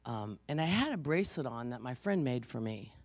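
Brief: woman preacher, creaky gravelly voice, dry close sound, conversational sermon. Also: extremely low pitch, sing-song, brisk, no room sound. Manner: chatty storytelling, frequent "you know", laughs easily. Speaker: pastor.

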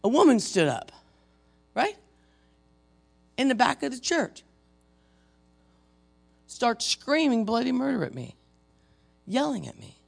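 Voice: medium pitch, big pitch swings, slow pace, vocal fry, pauses often. A preacher giving a sermon and retelling a story, talking casually and asking the audience questions. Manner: conversational, asks the audience questions.

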